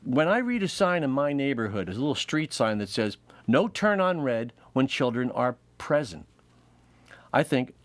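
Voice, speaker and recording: A man's voice: medium pitch, very animated, normal speed, no room sound. A man hosting a comedy show, delivering a rambling monologue and laughing at his own jokes. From United States. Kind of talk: comic monologue.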